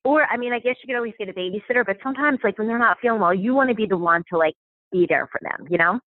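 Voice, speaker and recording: A woman's voice: mid-range voice, very fast, no room sound. Chatty woman on a tinny line. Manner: rambling, chatty, many fillers and restarts. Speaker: podcast guest, stay-at-home mom. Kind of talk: casual chat. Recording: dry tinny phone-like sound.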